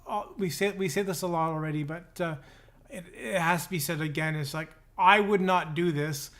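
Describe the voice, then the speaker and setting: A man from Canada co-hosts a live podcast in a high voice. He talks in a halting way, repeating words as he gathers his thoughts. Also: fairly even intonation, a bit bright. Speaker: podcast co-host. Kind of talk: casual chat.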